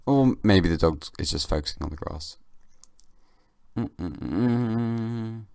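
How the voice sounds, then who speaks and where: Young guy hosting his own podcast at home, half-asleep, deadpan rambling comedy; low voice, dry room. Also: fairly quick, vocal fry, no room sound. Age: young adult. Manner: rambling, deadpan comic musing. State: sleepy, just woken. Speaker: podcast host. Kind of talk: casual solo monologue. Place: at home, downstairs.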